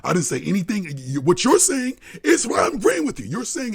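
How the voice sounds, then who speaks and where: Male podcast co-host, high, rough and raspy voice, lively pitch swings; combative, profane, repetitive arguer. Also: moderate pace, few pauses. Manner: argumentative, swearing, laughing, repeats himself. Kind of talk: heated casual sports debate.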